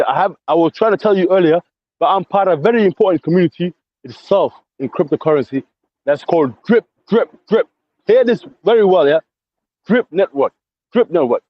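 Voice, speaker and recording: A man's voice: fairly high pitch, dry recording. Combative London man on lo-fi voice chat. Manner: combative, repetitive, peppers speech with mate and bro. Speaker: caller in a voice chat. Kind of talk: ranting casual chat. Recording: dull lo-fi voice chat audio.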